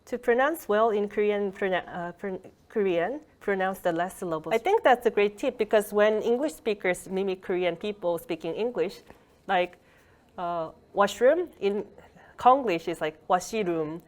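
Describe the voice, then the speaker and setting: A woman's voice: medium pitch, animated, moderate pace. A woman teaching a language workshop over a video call, explaining patiently with frequent fillers and restarts. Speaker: Korean language lecturer. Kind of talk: online workshop lecture. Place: online video call lecture.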